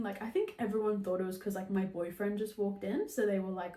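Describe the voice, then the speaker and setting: A woman's voice: medium pitch, steady tone, quick pace, hardly any pauses, warm tone, distant mic. A young adult woman telling a story in casual podcast chat, chatty and swearing freely. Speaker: podcast host. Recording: roomy echo.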